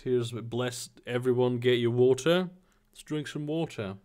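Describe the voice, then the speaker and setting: A man hosts a live stream in a loose, rambling way, cracking jokes and restarting sentences. His voice sits in an ordinary middle pitch. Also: measured pace, a little mellow, smooth. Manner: rambling, jokey, slips into a mock Australian voice. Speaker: streamer host. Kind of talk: casual live stream chat.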